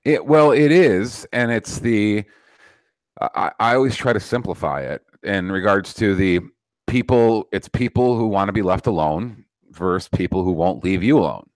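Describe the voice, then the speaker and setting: A man's voice: fairly low pitch, moderate pace, no room sound. Blunt, profane male podcast host. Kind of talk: casual political chat.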